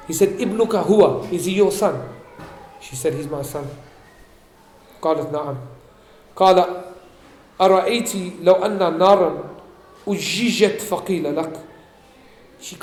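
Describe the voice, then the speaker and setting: A man's voice: on the high side, mellow, a little hiss or hum. Man teaching a sermon, echoey hall. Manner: explains and asks the audience questions; quotes Arabic quickly, then translates. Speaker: religious teacher. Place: event hall.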